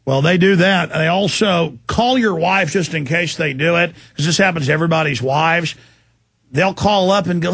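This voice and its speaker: A man's voice: fairly high pitch, moderate pace, vocal fry, fairly bright tone, breathy edge, dry recording. A man hosting a talk radio interview, speaking intensely and emphatically as he warns his guest. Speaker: radio show host.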